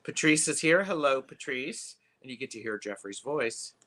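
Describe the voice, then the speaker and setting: A man hosting a live tarot stream, chatting casually with lots of fillers and pauses. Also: medium pitch, lively intonation, bright, forceful tone. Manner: chatty, halting, many fillers.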